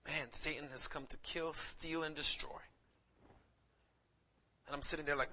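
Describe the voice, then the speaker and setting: A young adult man from Saint Lucia, a pastor preaching and telling personal stories, swelling to near-shouts and dropping soft again. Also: fairly high pitch, lively intonation, unhurried, pauses often. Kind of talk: sermon with personal storytelling.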